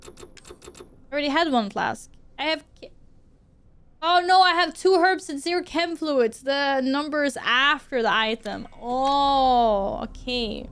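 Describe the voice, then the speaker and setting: A woman's voice: sits high, takes it slowly, a bit bright. A woman, streaming a horror game live, swearing and exclaiming at the game and chatting with her viewers. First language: Swedish. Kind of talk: live gameplay commentary.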